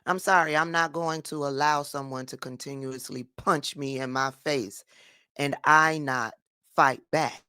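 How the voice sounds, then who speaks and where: A woman's voice: low-pitched, fairly even intonation, unhurried, pushed and bright, clean tone, no echo, studio quality. A woman giving firm, emphatic political commentary in a vlog monologue.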